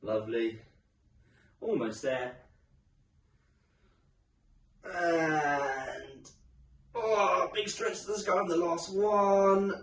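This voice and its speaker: Upbeat and encouraging, a man coaches a home workout class in a chatty manner while a bit out of breath. His slightly high, somewhat bright voice draws out words, leaving long pauses. The recording comes from a mic some distance away in an echoey room.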